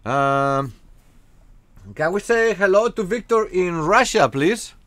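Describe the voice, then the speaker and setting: A young man from Spain with a Spanish accent, chatting casually and joking with viewers during a live game stream, often pausing on fillers. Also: high-pitched, expressive, a bit bright, dry recording.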